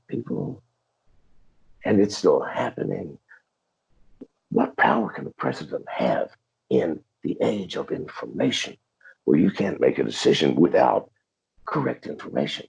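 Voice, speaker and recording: A very deep, gravelly voice belongs to an older man who tells his stories bluntly and swears without pause. His pitch swings in lively bursts as he talks. The sound comes over a dull, lo-fi video call line. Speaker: interview guest. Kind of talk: profane storytelling interview.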